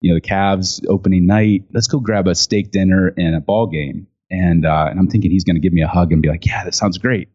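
A man telling a story in an interview, animated and chatty, acting out other people's lines with lots of fillers. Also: sits low, fairly quick, hardly any pauses. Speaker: guest, speaker and author on gifting. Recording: dull lo-fi sound.

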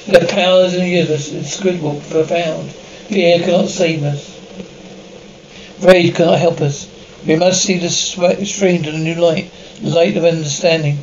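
Serious measured guy narrating, old tv sound, muffled and far, bit of hiss. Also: a little high, fairly even intonation. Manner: grave, measured, portentous. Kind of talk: scripted dramatic narration. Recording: dull distant old TV soundtrack, faint hiss.

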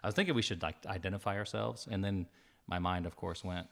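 Very low-voiced man rambling on a podcast. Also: fairly even intonation, quick pace, gravelly, fairly bright tone. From New Mexico. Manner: rambling, laughs often. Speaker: podcast co-host. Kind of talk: casual chat.

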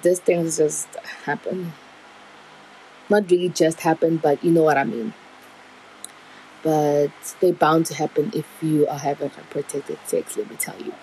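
A young woman speaking candidly and a bit rambling as she retells a painful personal stretch. Her voice sits slightly low and mellow, with a faint hum of noise behind her. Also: low-quality recording. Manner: candid, rambling, emotional retelling with nervous laughs. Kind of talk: personal storytelling.

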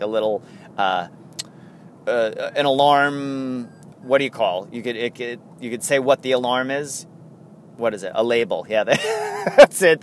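Podcast host, man, New York accent, excitable and rambling, mid pitch, faint car noise in the background. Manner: chatty, rambling and excitable, with frequent laughs. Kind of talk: casual solo podcast chat.

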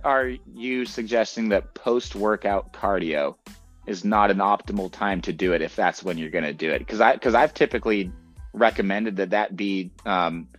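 A man hosting a fitness podcast, talking quickly and eagerly, restarting and repeating words as he makes his points. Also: lowish voice. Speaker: podcast host and fitness coach. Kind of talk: casual podcast chat. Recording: dull lo-fi audio.

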